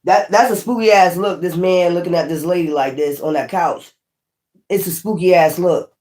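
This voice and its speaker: Speaking at normal speed in a low-ish, slightly mellow voice, a tarot reader offers an informal reading full of bluntness and swearing. She cautions the viewer and keeps restating her points to drive them home.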